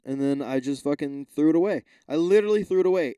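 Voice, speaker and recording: A man's voice: fairly high pitch, steady tone, moderate pace, hardly any pauses, dark tone, clear, resonant tone, no echo, studio quality. A man hosting a podcast alone, rambling casually with lots of swearing, restarts and asides. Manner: rambling, profane, self-interrupting. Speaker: podcast host. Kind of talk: casual solo rant.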